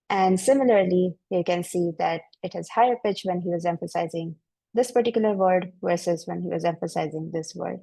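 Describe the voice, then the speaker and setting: A woman researcher giving a technical webinar presentation, walking through her slides in a measured, explanatory way over a video call mic. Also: lowish voice, creaky, mellow, no echo, poor audio.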